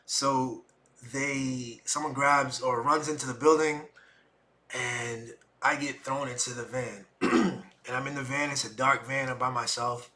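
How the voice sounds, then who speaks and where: In an unhurried, mid-range voice, a middle-aged man hosting a podcast shares a personal story full of feeling. He brings it to life by acting out the quotes of people involved.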